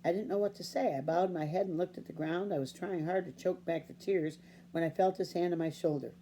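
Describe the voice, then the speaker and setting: A woman reading a children's novel aloud in a steady, unhurried storybook narration. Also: lowish voice, slight background noise. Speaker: audiobook reader.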